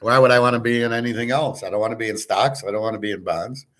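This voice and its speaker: A man talks in a loose, rambling monologue, blunt and boastful. He swears freely and acts out both sides of the conversations he retells. His voice sits at an ordinary middle pitch for a man. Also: fairly even intonation, fast talker, fairly bright tone. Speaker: host of a sports picks show.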